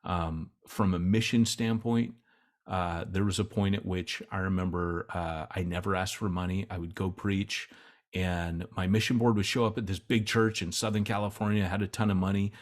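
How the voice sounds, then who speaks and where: A man's voice: low-pitched, steady tone, moderate pace. A man giving a casual webinar talk as a church planting trainer, rambling with many restarts, speaking over a video call. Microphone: computer mic on a video call.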